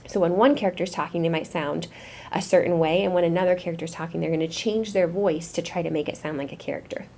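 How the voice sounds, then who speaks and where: A woman teacher speaking to young students, explaining a reading lesson in a clear, encouraging classroom way. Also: fairly low pitch, steady tone, fast, dark tone, a little hiss or hum.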